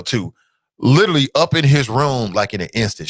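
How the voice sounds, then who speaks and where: A man's voice: a little high, lively intonation, fairly quick, fairly bright tone, no room sound. A man hosting a talk show, chatting casually and playfully, trash-talking and stretching his words. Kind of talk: casual radio-style talk show monologue.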